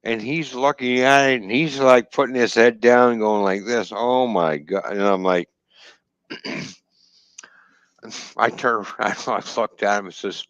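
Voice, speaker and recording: A man's voice: mid-range voice, fairly even intonation, unhurried, a bit bright, clear, resonant tone, dull audio. A man casually telling a story from his trucking work, quoting the people in it, swearing freely and laughing as he goes.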